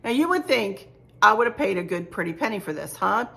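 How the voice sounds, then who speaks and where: A middle-aged woman chats warmly through a shopping haul, gushing over every small find and repeating herself as she goes. Her voice sits in the middle of the range with a gravelly fry at the ends of phrases. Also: mid-range voice, animated, fairly quick. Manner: chatty, gushing, repeats words. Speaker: home decor vlogger. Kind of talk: casual chat showing a shopping haul.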